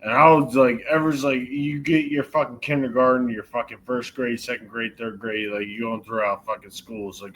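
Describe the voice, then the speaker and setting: A man's voice: medium pitch, steady tone, moderate pace, few pauses, fairly bright tone, a little hiss or hum, rough recording. A man chatting on a movie podcast, rambling a story with lots of swearing and fillers. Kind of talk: casual movie chat.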